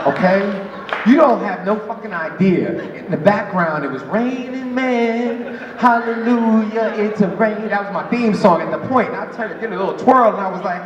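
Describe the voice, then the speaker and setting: A man's voice: high voice, expressive, moderate pace. A man from New York doing a crude stand-up comedy set at a bar, laughing at his own jokes. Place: bar stage with live audience. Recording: roomy, distant, muffled bar recording with noise.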